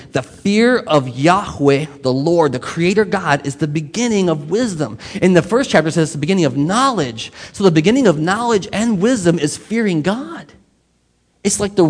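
A man preaching a sermon to his congregation in a conversational way, often putting questions straight to the people in the pews. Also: a little high. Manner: conversational, quizzes the congregation directly. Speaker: pastor. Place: church sanctuary. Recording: long reverb of a large hall.

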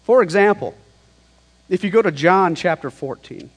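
A man's voice: sits high, lively intonation, moderate pace. Male preacher, casual emphatic delivery, reverberant hall sound. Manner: conversational, emphatic, paraphrasing scripture in slang. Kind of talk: sermon.

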